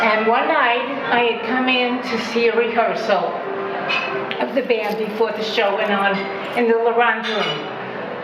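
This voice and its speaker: A woman's voice: on the high side, muffled recording. Older woman in an echoey, noisy room. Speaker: interviewee. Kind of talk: recollection. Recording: echoey room with loud background noise.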